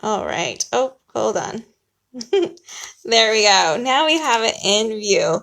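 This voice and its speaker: A chatty, upbeat young woman runs a casual craft class. Her voice sits a little high, and she talks warmly to her viewers as she demonstrates, with small apologies and easy laughs. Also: animated, slow pace, creaky. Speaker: host of a stamping craft class. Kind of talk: casual live craft tutorial.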